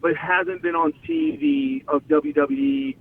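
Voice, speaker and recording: A middle-aged man and former pro wrestler telling excited stories as an interview guest, stumbling over restarts and acting out quotes. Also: sits high, slow, vocal fry. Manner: excited, repeats words and restarts, acts out quotes. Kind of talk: animated storytelling in an interview. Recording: phone-like line with faint hiss.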